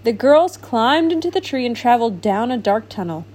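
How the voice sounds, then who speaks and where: A woman reading a children's storybook aloud with animated, expressive narration. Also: on the high side, normal speed. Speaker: storybook reader.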